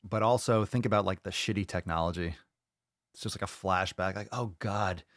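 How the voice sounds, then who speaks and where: A man's voice: sits low, a little fast, fairly bright tone, no echo, studio quality. A male podcast host talking in a casual, profane, fired-up rant to his live audience. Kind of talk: casual livestream podcast chat.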